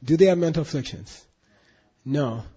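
A man's voice: fairly high pitch, expressive, moderate pace, warm tone, slightly rough. A man teaching a Buddhist class in an emphatic, questioning way, drilling students in recitation, on a dull lo-fi recording.

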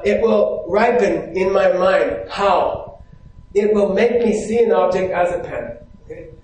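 A man's voice: high-pitched, darkish tone. A man giving a Buddhist teaching talk from a stage to a live audience, talking conversationally and often checking in with "right?". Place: stage in a large hall. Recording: very echoey hall.

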